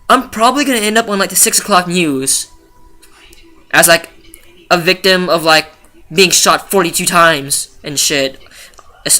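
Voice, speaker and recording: Late-teen male vlogger, bright and punchy tone, chatty and loose, profane. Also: high voice. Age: late teens. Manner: chatty, rambling, swears freely, lots of fillers. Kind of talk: casual confessional vlog.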